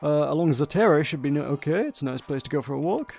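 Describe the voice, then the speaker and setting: A man's voice: fairly high pitch, expressive, quick pace, vocal fry, darkish tone, husky, full character voice. A man reading the lines of a kindly, teasing grandmother character from a narrative game, in a casual read-aloud manner.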